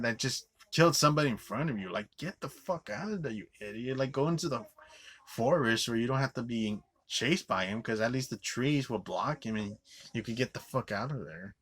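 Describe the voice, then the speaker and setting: A man's voice: mid-range voice, animated, brisk, fairly bright tone, husky. A man giving a profane, rambling movie review, scornful and full of "like" fillers and restarts. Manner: swears often, scornful.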